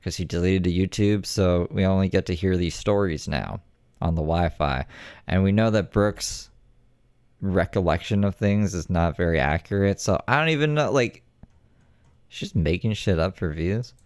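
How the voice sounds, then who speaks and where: A man's voice: low-pitched, normal speed, a little mellow, clear, resonant tone, no echo. A man casually commenting on a clip, skeptical and sarcastic, speaking close to the mic. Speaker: commentary streamer.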